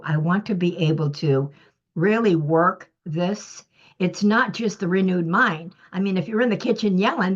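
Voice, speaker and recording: A woman giving an earnest, self-critical testimony in a church group discussion, emphatic and often clearing her throat. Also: on the low side, darkish tone. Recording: muffled lo-fi recording.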